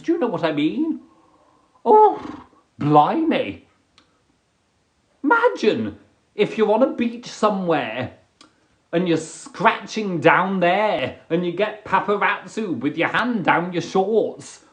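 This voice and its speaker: Chatty man on a live stream. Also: fairly high pitch. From England. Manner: chatty, stammering restarts, giggly. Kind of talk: casual chat.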